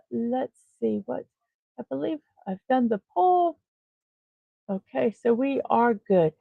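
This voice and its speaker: A woman hosting a casual morning livestream, with a somewhat high, gravelly voice. She chats in a scattered way and narrates her own steps as she goes. The sound is tinny, phone-like and dry. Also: darkish tone, no echo. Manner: chatty, scattered, talks herself through tasks. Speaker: host of a daily morning livestream.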